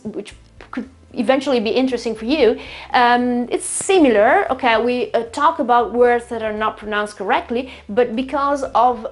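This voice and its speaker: A woman from Italy with an Italian accent, a native Italian speaker, hosting an online English lesson in a chatty way and repeating words slowly to model their pronunciation. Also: a little high. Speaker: English teacher, channel host.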